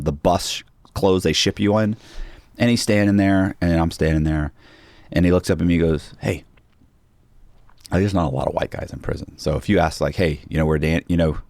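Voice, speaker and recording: A man with a deep, low voice tells a story in a relaxed interview, acting out each quoted line as he goes. The sound is dry and close, with no room around it. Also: normal speed, dry recording. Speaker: podcast guest.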